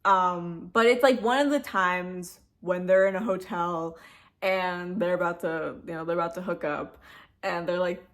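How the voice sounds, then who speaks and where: A woman's voice: fairly low pitch, measured pace, fairly bright tone. A young woman chats casually on camera about a film she loves. She gushes, giggles often and fills her talk with ums and likes. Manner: gushing, giggly, emotional, lots of fillers. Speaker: vlogger reviewing a movie. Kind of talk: casual chat.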